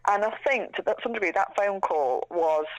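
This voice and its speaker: A woman's voice: mid-range voice, animated, moderate pace, dry recording. Woman, interview guest, chatty and frank, casual swearing, dry close mic sound. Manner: chatty, frank, swears casually, repeats words when she restarts.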